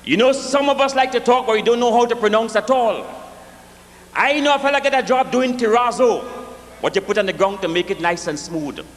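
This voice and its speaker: A man with a West Indian accent performing a live comic storytelling set, lively and jokey, with sing-song swings in pitch. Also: fairly quick, in a large hall. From West Indies.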